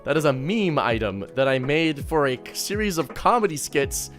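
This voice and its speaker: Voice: medium pitch, very animated, moderate pace, soft background music. A show host in casual chat, answering chat questions with joking asides and swearing. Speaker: host of a tabletop game show.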